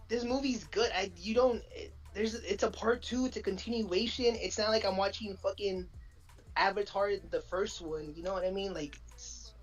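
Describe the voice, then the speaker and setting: A woman chatting casually as a podcast co-host, telling a story in an animated way, with lots of slang and swearing. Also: mid-range voice, low-quality recording.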